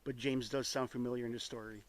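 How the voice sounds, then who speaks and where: Out in the woods, a man narrates his own paranormal investigation as a solo vlog, speaking quickly with a medium pitch and steady tone. He's nervous and rambling, stumbling and correcting himself as he circles back over details. He's recorded in the open on a handheld microphone with a phone beside it.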